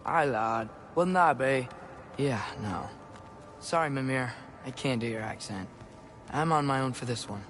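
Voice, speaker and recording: An actor voicing an earnest, kind teenage boy god in a game, speaking gently and wryly. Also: mid-range voice, moderate pace, close to an everyday voice. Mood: joking. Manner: earnest, gentle and soothing with animals. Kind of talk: video game cutscene acting. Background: game music.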